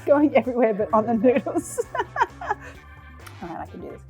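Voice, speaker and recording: A woman with a fairly high voice talks through a spicy noodle challenge in a kitchen studio. Her mouth is on fire and her eyes are watering, so she keeps breaking into gasping exclamations and laughs. A faint music bed sits under her voice. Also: animated, normal speed, dark tone. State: mouth burning from chili, teary. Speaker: cooking show host. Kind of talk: casual food challenge chat.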